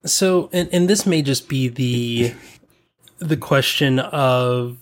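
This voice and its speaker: A man from the American South co-hosting a casual podcast chat, using lots of likes and fillers. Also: mid-range voice. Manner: unhurried, drawn out, with likes and fillers.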